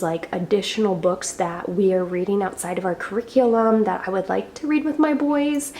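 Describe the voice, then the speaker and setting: A woman's voice: medium pitch, darkish tone, a little hiss or hum. A young woman chatting casually through a home tour, rambling with fillers and asides, a little out of breath. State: slightly out of breath. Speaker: homeschooling mom vlogger. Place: home living room.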